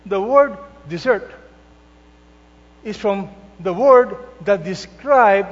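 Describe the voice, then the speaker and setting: A man preaching a sermon as pastor, slow and emphatic, drawing out the scripture quotes he reads. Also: high-pitched, lively intonation. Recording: dull, lo-fi sound with long hall reverb and mains hum.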